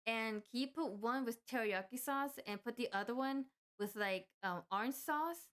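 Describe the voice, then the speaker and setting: A polite, easygoing man ordering food at a counter, hesitating as he picks his order, as a woman voices him. He speaks in a fairly everyday, slightly lowered voice. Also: normal speed, fairly bright tone, clean tone, close to an everyday voice.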